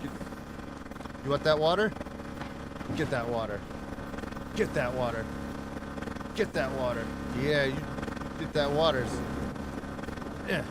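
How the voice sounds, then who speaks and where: A man's voice: medium pitch, takes it slowly, long pauses, heavy background noise. A man live-streaming a video game, chatting casually and profanely with his viewers while he plays. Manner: profane, rambling, talks to chat and the game. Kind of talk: casual gaming livestream chat.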